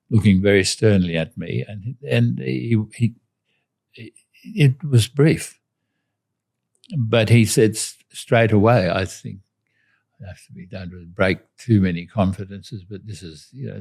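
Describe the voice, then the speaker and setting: An older Australian man, a retired diplomat, recounting anecdotes in an interview in a measured way with restarts. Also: sits low, creaky, a little mellow. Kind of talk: interview storytelling.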